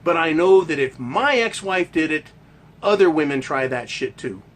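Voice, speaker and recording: A man's voice: on the high side, expressive, moderate pace. A man hosting a ranting monologue, talking in a heated, emphatic and profane way. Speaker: host.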